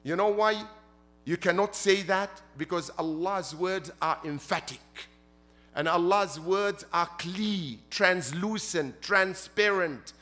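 High bright-voiced man preaching. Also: slow pace, soft background music. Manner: emphatic, repeats points and asks rhetorical questions. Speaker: sheikh preaching at a Muharram gathering. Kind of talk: sermon.

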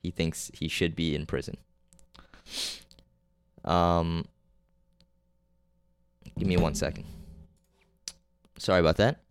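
A man's voice: low voice, fairly even intonation, takes it slowly, pauses often, smooth, no echo. A man hosting a casual solo podcast, rambling through a movie recap with lots of fillers, restarts and swearing, and often losing track of names. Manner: offhand and unpolished, losing names mid-sentence. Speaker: podcast host reviewing movies.

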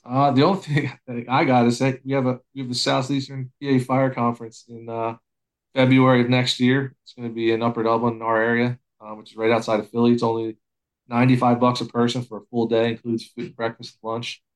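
A man's voice: mid-range voice, flat delivery, fairly quick, poor audio. A man who is a volunteer assistant fire chief, talking in a casual, plainspoken and humble way with frequent restarts. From Pennsylvania, USA. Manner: plainspoken, self-deprecating, many restarts. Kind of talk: casual podcast conversation.

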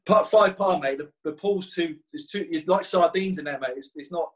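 A man's voice: fairly high pitch, moderate pace. A man in his thirties, a footballer guest, chatting casually and laddishly on a podcast over a call, repeating phrases and calling everyone "mate".

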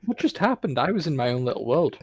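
A man's voice: on the high side, sing-song, fast talker, crowd noise. A man co-hosting a podcast, bemused and easygoing in casual chat. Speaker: podcast co-host.

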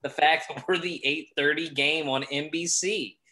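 Bright-voiced man ranting about football. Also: a little high, fairly even intonation, normal speed, a little hiss or hum. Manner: irritated, ranting, voice rising. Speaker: podcast co-host. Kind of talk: casual sports chat.

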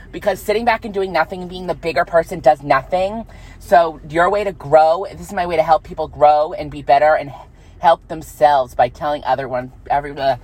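A young man in college, venting in a profane, angry, unfiltered rant to camera that swings into high, shrill outbursts. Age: young adult. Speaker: vlogger.

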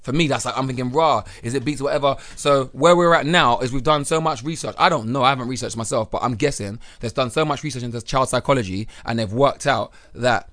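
A man chatting casually on a podcast, telling stories in an animated way, acting out voices and laughing as he goes. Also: mid-range voice, fast talker, few pauses. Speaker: podcast host. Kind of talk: casual chat.

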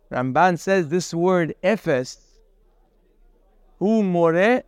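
High-voiced, unhurried man teaching a class. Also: smooth, no room sound, studio quality. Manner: explains step by step, quoting and translating Hebrew verses; acts out quoted speech with sudden raised emphasis. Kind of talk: lecture-style Torah class.

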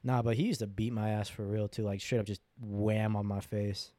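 A man's voice: fairly low pitch, fairly even intonation, moderate pace, mellow, no echo, clean studio sound. A man in his twenties telling crude stories in a casual, slangy way, often laughing and swearing. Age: 20s. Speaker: podcast host.

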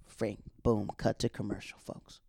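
A man talks through a TV episode in a loose, chatty way, full of asides and laughs. His voice is dark and mellow. The sound is dry and close, with no room echo. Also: lowish voice, measured pace, gravelly. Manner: animated, chatty, colloquial, laughs often. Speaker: TV show recap vlogger. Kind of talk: casual episode recap.

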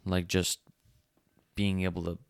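Deep, smooth-voiced hesitant young man. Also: level tone, a little slow, no room sound, studio quality. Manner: soft-spoken, hesitant, restarts often. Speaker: podcast co-host. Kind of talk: casual chat.

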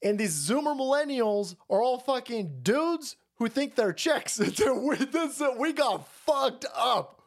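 A man hosting a livestream, delivering a profane, rambling rant in fast bursts of casual commentary. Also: very high-pitched, big pitch swings, vocal fry. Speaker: streamer host.

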